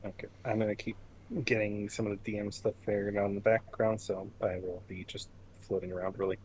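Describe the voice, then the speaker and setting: A man's voice: fairly low pitch, flat delivery, a little fast, a little mellow, breathy edge. A man from Canada chatting casually as game master before a tabletop session, mumbling at times and swearing freely when he rants.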